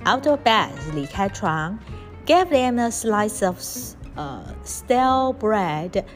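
A woman teaching English through a storybook, reading lines slowly and spelling words out letter by letter. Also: mid-range voice, very animated, soft background music. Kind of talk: storybook reading lesson with explanations.

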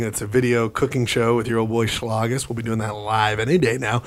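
A man's voice: medium pitch, level tone, a little fast, few pauses. A man co-hosting a casual podcast chat, talking with rambling enthusiasm and some swearing. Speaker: podcast co-host.

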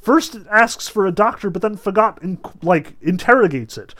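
A man's voice: high-pitched, normal speed. A man teaching a novel in a casual, chatty lecture with many fillers, reading passages aloud and breaking them down. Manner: animated and chatty, with frequent fillers. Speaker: literature teacher.

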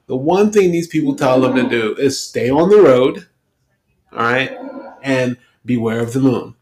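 A man hosting a podcast, retelling a film plot in a chatty way with quick asides. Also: mid-range voice, darkish tone, low-quality recording. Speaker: podcast host. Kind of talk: casual film recap.

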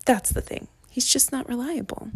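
A woman's voice: high-pitched, slightly rough. Chatty American woman podcast host. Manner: chatty, animated, quick asides and quoted voices. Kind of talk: casual solo book discussion.

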